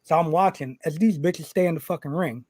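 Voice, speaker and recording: A man's voice: a little high, brisk, no room sound. A man co-hosting a wrestling podcast, telling a story casually, swearing constantly and acting out the back-and-forth of what people said. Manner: animated, swears constantly, acts out quoted exchanges.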